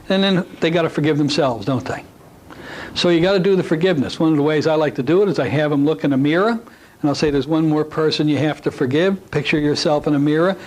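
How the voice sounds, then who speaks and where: A man teaching a hypnosis technique speaks to his class in a homey, conversational style, slipping in asides. His voice is fairly high and a little mellow, captured on a low-quality recording.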